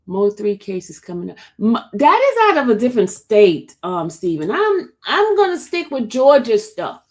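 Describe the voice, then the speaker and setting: A woman hosting a casual livestream, chatting and answering viewer comments in an expressive way. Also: on the high side, a little slow. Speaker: livestream host covering court cases. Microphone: streaming setup.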